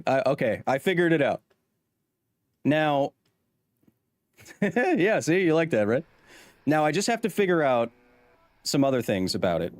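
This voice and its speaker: Lively rambling male streamer. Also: fairly high pitch, no echo, studio quality. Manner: rambling, self-interrupting, quick to laugh. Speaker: live streamer. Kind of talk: casual live-stream chat.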